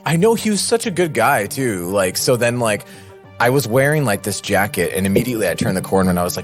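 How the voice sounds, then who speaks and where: Guy on a podcast rambling thru a story, lowish voice that jumps around a lot, bit of music behind. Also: big pitch swings, fast. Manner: rambling storyteller, laughs mid-sentence. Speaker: podcast co-host. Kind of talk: casual chat.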